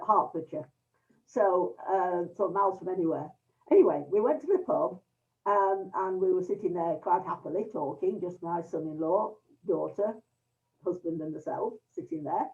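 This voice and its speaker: An older woman from England telling a rambling anecdote to her history group over a video call, with many restarts and fillers. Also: mid-range voice. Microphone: computer mic on a video call. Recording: tinny distant video-call audio.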